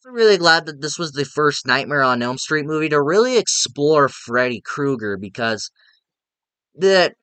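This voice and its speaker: An eager young man talks through a horror film review in a loose, rambling way, tripping over restarts as he goes. His voice is bright and crisp, and the sound is close and dry. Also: on the high side, lively intonation, moderate pace, dry recording. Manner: rambling and enthusiastic, many fillers and restarts. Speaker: movie reviewer. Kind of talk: casual spoken film review.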